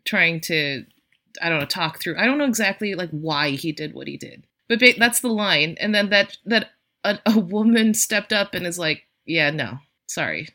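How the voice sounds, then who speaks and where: A woman's voice: medium pitch, moderate pace, bright, forceful tone. A woman hosting a podcast, chatting casually and searching for her words as she goes. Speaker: podcast host. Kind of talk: casual chat.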